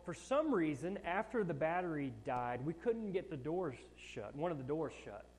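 A man preaching a sermon, telling a self-mocking story from his own life, with animated, shifting emphasis. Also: on the high side, big-room sound. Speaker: pastor.

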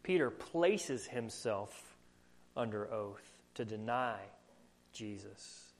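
A man's voice: on the low side, lively intonation, slow pace. A man with a Southern US accent preaching a sermon, earnest and full of rhetorical questions. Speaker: pastor.

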